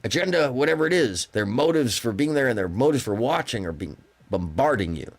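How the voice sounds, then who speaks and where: Speaking a little fast in an animated mid-range voice, a man hosts a casual live call-in stream. His storytelling rambles and drifts, delivered with plenty of emphasis.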